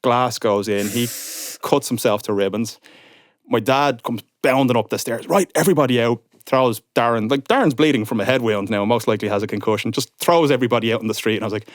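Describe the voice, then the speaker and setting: In a clean studio recording with no echo, a man in his thirties guests on a podcast and spins a story in casual chat. His mid-range voice runs a little fast, and he animatedly acts out the quotes.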